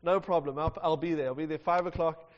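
A man's voice: on the high side, fairly even intonation, brisk, slight background noise, lightly acted. A man from New playing a generous, hospitable, persistent friend while telling a story in a sermon. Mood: eager. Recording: dull sound with long hall reverb.

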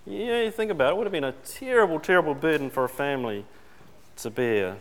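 A man's voice: fairly high pitch, animated, fast. Preacher man with a long hall echo. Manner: conversational, asks the congregation questions. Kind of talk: sermon. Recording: long reverb in a large hall.

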